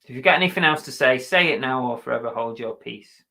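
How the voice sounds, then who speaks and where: A man's voice: mid-range voice, fast, gravelly, sharp tone. A British man hosting a casual live stream, chatty and jokey, often poking fun at himself. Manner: chatty, jokey and self-mocking. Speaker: reseller live-streaming host.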